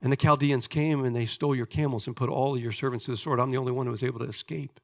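A man preaching a sermon as a pastor, telling a story and swinging from hushed asides to loud, emphatic points. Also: mid-range voice, fairly even intonation, racing, creaky.

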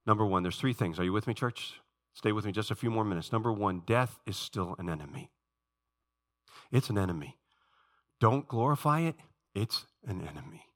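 A middle-aged male pastor preaching a sermon, swinging between loud rising questions and quiet, low asides to the congregation. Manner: preaching with dramatic rises and soft drops, questioning the congregation.

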